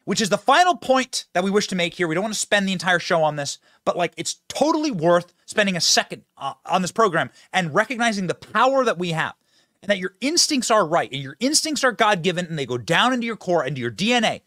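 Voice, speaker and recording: A man's voice: high-pitched, sing-song, sharp tone, no room sound, studio quality. A man hosting a political commentary show, talking emphatically and straight to his audience. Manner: emphatic, fast-talking, addresses audience directly.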